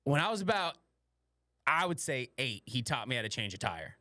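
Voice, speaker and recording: This twenty-something podcast host talks in a sing-song way at a moderate pace, his average-pitched voice taking on a sharp edge. The show is casual and crude, full of rambling stories and plenty of cursing. He's miked up close in a dry recording with no room sound at all.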